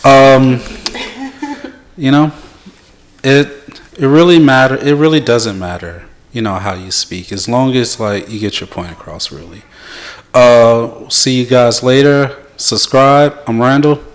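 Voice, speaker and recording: A man's voice: medium pitch, measured pace. A man hosting a podcast, talking casually with plenty of fillers. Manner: relaxed, filler-heavy. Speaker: podcast host. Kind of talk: casual chat.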